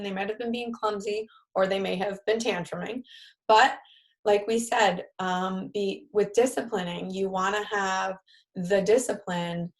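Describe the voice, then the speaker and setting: Woman leading a parenting workshop. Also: mid-range voice. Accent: New York. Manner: conversational, acts out example phrases to children. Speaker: parenting group leader. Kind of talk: live-streamed parenting workshop talk.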